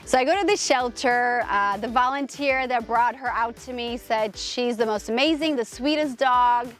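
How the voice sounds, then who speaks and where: A woman's voice: a little high, moderate pace, fairly bright tone, soft background music. A woman host telling a personal story in a casual, rambling way, emphatic and gushing, with many restarts. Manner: rambling, full of restarts and fillers.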